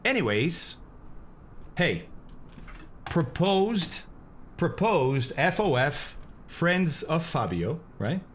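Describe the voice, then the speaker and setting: Lively chatty male streamer. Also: a little high, drawn-out words, pauses often, slight background noise. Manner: chatty, reads chat aloud, laughs often. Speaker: flight sim streamer. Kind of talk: casual live-stream chat.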